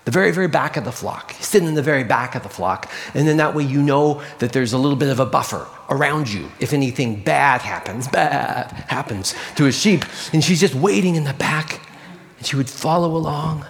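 Hushed, expressive male storytelling preacher. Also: a little high, brisk, long reverb tail. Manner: expressive, often dropping to a hushed voice. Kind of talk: storytelling sermon.

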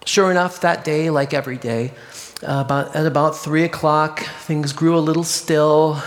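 A man telling a story in a sermon, expressive and often dropping to a hushed voice. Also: a little high, normal speed, long reverb tail.

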